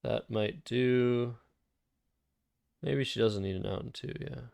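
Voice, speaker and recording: A man's voice: medium pitch, slow, vocal fry, a little mellow, smooth, no echo, studio quality. A man casually thinking aloud while playing word games on a live stream. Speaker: streamer and Scrabble player.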